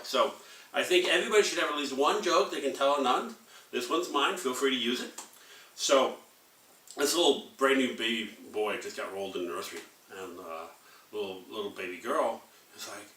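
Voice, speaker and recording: A man in his forties rehearsing a stand-up comedy act, delivering deadpan one-liners with frequent filler segues. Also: mid-range voice, a little fast, reverberant, distant mic. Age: 40s.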